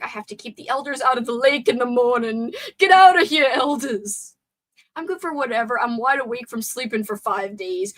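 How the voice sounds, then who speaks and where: Young woman, livestream host, casual chat, playful and rambling, somewhat high voice, answers chat aloud. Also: fairly bright tone. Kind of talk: casual live chat with viewers. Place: home room by a bookcase.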